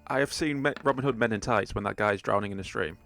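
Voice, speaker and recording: A man's voice: fairly low pitch, fast, fairly bright tone, dry recording, faint music behind. A man running a tabletop game as game master, laid-back and chuckling often.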